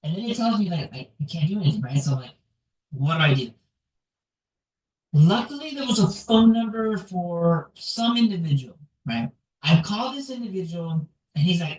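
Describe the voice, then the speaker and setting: Casual vlogger, rambling screen walkthrough, mid-pitched, roomy echo, voice sits away from the phone mic. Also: very animated, moderate pace, long pauses, darkish tone. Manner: rambling, peppered with "like" and "right?". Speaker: real estate investor vlogger. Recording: echoey room, voice far from mic.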